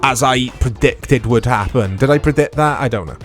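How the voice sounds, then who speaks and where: A man giving casual let's-play commentary on a football video game, reacting excitably to the play. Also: medium pitch, normal speed, soft background music. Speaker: gaming YouTuber.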